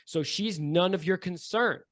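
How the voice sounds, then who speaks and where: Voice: mid-range voice, measured pace, a bit bright, no echo, clean studio sound, natural voice. A game master playing an impatient crime boss who belittles an underling. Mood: irritated. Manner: curt, condescending. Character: irritable gang boss, insulting and impatient.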